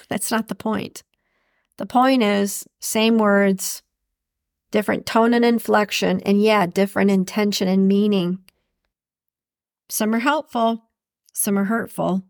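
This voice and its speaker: A chatty woman hosting a solo podcast, her fairly high voice carrying a gravelly fry. She talks loosely and animatedly, laughing often. The sound is dry and close. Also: animated, a little slow, no echo. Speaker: podcast host. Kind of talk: casual solo podcast talk.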